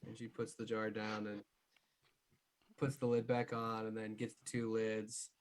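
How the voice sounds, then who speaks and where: A man's voice: fairly low pitch, monotone, a little slow. A man narrating as game master in a tabletop game, loose and rambling.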